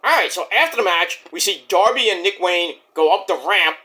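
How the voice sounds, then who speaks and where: A man with a fairly high, bright voice recaps a wrestling show in a loose vlog. His pitch swings widely as he rambles and swears casually. He keeps stumbling through fillers as he goes. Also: animated, fairly quick. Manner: rambling, profane, many fillers.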